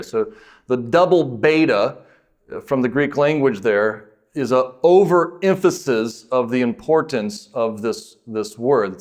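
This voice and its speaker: A male pastor with a medium-pitched voice preaches a sermon conversationally, posing questions and answering them himself, and slowing down to stress key words.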